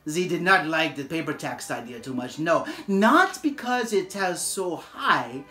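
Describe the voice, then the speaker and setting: Woman doing a quirky animated history professor. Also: low voice, roomy sound, faint music behind. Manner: animated storytelling, halting with filler and broken grammar.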